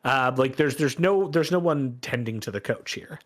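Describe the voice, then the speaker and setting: A man narrating a tabletop game as game master, describing scenes in a relaxed way and laughing easily. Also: medium pitch, moderate pace.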